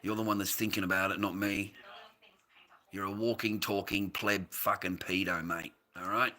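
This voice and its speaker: A man with an Australian accent talks to his viewers on a livestream, swearing constantly and picking fights. His voice sits very low, yet it has a sharp, tense edge. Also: steady tone, moderate pace. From United States. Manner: profane, combative, swears constantly. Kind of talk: casual livestream chat answering viewers.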